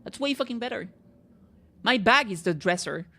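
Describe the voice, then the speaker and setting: A woman's voice: a little high, animated, moderate pace, sharp tone. A young woman streaming a game, swearing freely and joking bluntly as she plays. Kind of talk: casual gameplay commentary. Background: game music.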